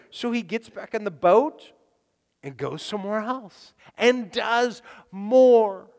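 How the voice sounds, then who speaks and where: A man preaching a sermon, animated, acting out the people in his stories and sometimes dropping to a near whisper. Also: very high voice, unhurried. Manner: animated, acts out voices in quotes, drops to near whisper. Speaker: pastor. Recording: long reverb of a hall.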